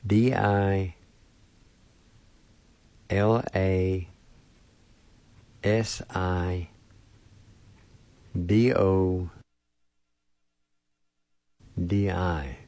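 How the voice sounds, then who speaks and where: A man hosting a radio language lesson, spelling out words and pronouncing them with slow, deliberate care. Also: deep voice, fairly even intonation, dark tone, no echo. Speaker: language teacher and radio host.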